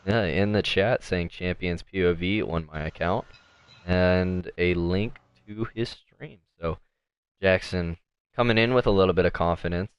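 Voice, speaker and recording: A man's voice: low-pitched, unhurried, clear, resonant tone, dry recording, dull audio. A man casually commentating an online sim race as host, with lots of fillers. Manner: casual, filler-heavy play-by-play.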